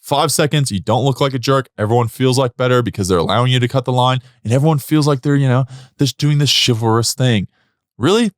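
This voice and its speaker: A man's voice: medium pitch, quick pace, no echo, clean studio sound. A man co-hosting a casual chat show, giving blunt, jokey opinions. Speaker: co-host.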